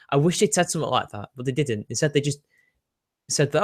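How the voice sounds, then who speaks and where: A man's voice: medium pitch, animated, fast talker. A young British man with a British accent, hosting a casual livestream and answering chat with sardonic asides and frequent laughs. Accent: British English. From Britain. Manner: chatty, sardonic, laughs often, answers viewer questions. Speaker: livestream host reading chat.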